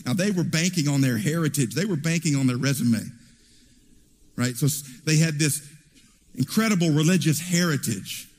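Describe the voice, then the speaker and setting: A man preaching a sermon in an animated storytelling way, heard in a church hall with reverb. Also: on the high side, normal speed, slight background noise. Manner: animated storytelling with acted quotes.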